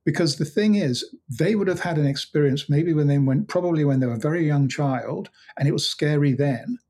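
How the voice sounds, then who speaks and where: A man's voice: fairly high pitch, brisk, mellow, slightly rough. A man, a hypnotherapist guest in an interview, who tells stories about his clients with many restarts and acts out their dialogue. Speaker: hypnotherapist and mind coach, guest. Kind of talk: conversational interview.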